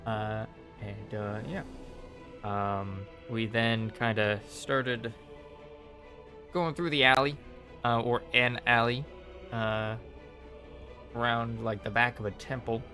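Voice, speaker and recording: A British man talks through the last session of a game in a loose, rambling recap, stopping for fillers and restarting his sentences. His delivery is slow and unhurried, and his tone is bright. Faint music plays behind him. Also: mid-range voice, steady tone.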